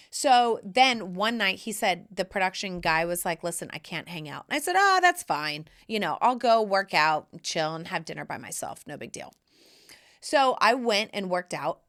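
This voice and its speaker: A woman hosting a podcast, telling a personal story casually and acting out the quoted lines with big jumps in her voice. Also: normal speed. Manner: animated, acts out quotes with big pitch jumps. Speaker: podcast host.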